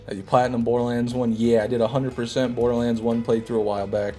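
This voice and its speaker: A man's voice: medium pitch, little pitch movement, fast talker, hardly any pauses, dark tone, soft background music. A man streaming a game, chatting casually and joking while he answers viewers' chat. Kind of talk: casual gameplay commentary, reading chat.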